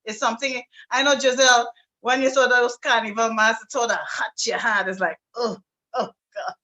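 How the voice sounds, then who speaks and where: Bright-voiced Trinidadian woman guest. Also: on the high side, fairly even intonation, a little fast, dull audio. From South Trinidad. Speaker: singer-songwriter and presenter. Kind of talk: guest speaking on an online show. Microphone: video call.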